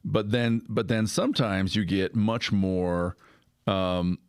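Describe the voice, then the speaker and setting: A man's voice: lowish voice, slow pace, clean tone, dry recording, studio quality. A man hosting a podcast conversation, thinking aloud with restarts and checking in with "right?". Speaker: podcast host. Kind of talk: casual conversational discussion.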